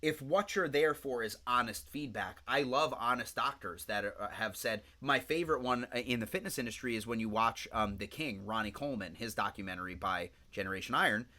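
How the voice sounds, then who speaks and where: Male podcast co-host, bright and forceful tone, rambling profane storyteller. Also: mid-range voice, fairly quick, hardly any pauses. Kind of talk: casual podcast chat.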